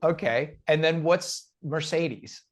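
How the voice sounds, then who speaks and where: A man co-hosting a casual motorsport podcast who speaks in a measured, explanatory way. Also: a little high. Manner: measured, thoughtful, explains at length. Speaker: podcast co-host. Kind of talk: casual chat.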